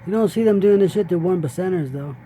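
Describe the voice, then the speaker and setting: A man's voice: high voice, fast, warm tone, a little hiss or hum, low-quality recording. Brash, foul-mouthed man reacting to clips. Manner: brash, profane trash talk. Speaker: reaction video host. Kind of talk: casual reaction commentary.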